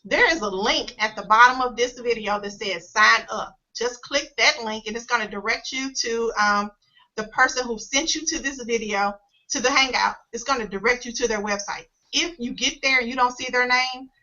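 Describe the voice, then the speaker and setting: High bright-voiced woman hosting a web call. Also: moderate pace. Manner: upbeat, emotional, encouraging. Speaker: host. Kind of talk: casual online team call. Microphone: video call. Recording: dull lo-fi web call audio.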